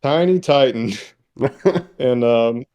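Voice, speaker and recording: Casting note: mid-pitched man from Mississippi, podcast co-host, loose and easygoing, quick to chuckle. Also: clear, resonant tone. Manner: relaxed, chuckles often. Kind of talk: casual podcast chat.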